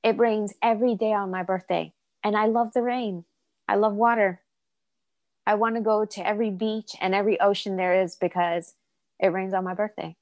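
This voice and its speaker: A woman's voice: mid-range voice, fairly even intonation, normal speed, a little mellow, dry recording. A woman from Colombia, a mother of four, speaking earnestly as a podcast guest and repeating phrases for emphasis. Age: adult mother of four. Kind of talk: heartfelt interview talk.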